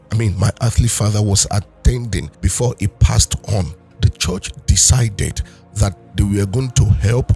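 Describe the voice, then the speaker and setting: A man's voice: mid-range voice, darkish tone. A man preaching a sermon, fervently repeating and calling out prayers. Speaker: pastor.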